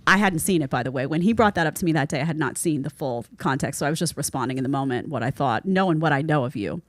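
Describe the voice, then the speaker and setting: A woman's voice: deep voice, no room sound. Chatty New York woman hosting. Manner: animated and chatty, quick asides. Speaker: show host. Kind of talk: casual podcast chat.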